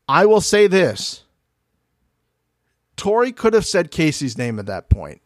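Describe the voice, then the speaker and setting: Animated high-voiced man ranting. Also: unhurried, dry recording, studio quality. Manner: animated, profane, acts out cast members in quoted voices. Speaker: podcast co-host. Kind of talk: casual reality TV recap chat.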